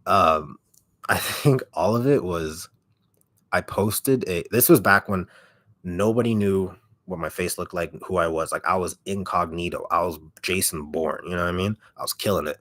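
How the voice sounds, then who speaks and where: Man, very deep voice, raspy, rambling casual livestream talk, lots of fillers and cursing, dry close sound. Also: moderate pace, a bit bright, dry recording. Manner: rambling storytelling full of fillers and swearing. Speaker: ASMR YouTuber.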